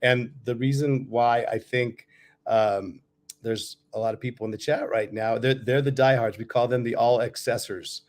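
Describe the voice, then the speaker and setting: A man's voice: medium pitch, steady tone, normal speed. Easygoing man with a worn voice. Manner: easygoing, rambling with fillers. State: voice worn from touring. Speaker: guest musician. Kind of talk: casual video-call chat. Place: hotel room.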